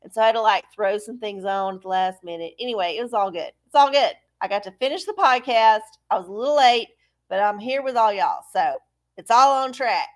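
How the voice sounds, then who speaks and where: A woman's voice: medium pitch, animated, brisk. A middle-aged woman, hosting a live stream in a breezy, folksy way and cursing casually. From Texas. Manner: breezy, cussing, folksy, greeting viewers. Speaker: livestream tarot host.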